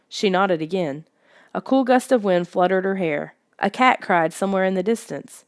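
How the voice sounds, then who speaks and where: A woman reading a first-person story aloud in steady, even narration. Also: mid-range voice, normal speed, clear, resonant tone, no echo, clean studio sound. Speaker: audiobook reader.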